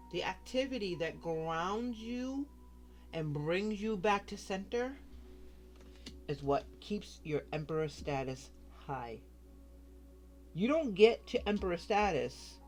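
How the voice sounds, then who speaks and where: Frank, chatty tarot reader with faint music. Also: mid-range voice. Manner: chatty, frank, swears freely, addresses the viewer directly. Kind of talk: casual tarot card reading to camera.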